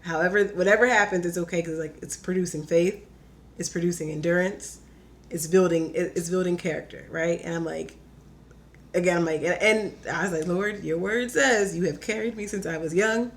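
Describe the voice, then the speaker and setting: Chatty young woman, fast and animated. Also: lowish voice, slight background noise. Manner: animated, says "like" a lot, acts out her own quotes. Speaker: podcast guest. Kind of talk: casual storytelling.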